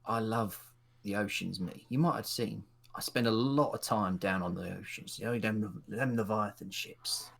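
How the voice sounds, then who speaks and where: A man's voice: lowish voice, moderate pace, creaky, fairly bright tone. A man voicing a shifty male informant, a wheedling gossip who speaks in a conspiratorial, folksy way. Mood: wistful.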